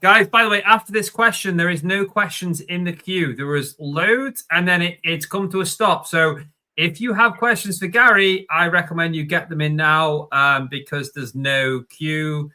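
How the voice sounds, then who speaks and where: Bright, chatty host. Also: male voice, a little high, normal speed. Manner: chatty, reads viewer questions. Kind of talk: live stream Q&A.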